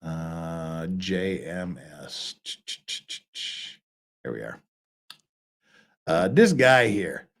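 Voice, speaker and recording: Rambling joking man, lively pitch. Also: very slow, vocal fry, long pauses. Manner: rambling, joking, many restarts. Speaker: streamer host. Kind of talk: casual live-stream chat. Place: lives in Korea.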